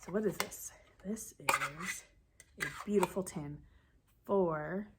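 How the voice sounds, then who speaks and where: A sniffly woman knitting vlogger chatting excitedly as she unboxes a gift, sometimes dropping to a whisper. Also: on the low side, slow, very noisy. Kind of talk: casual unboxing chat.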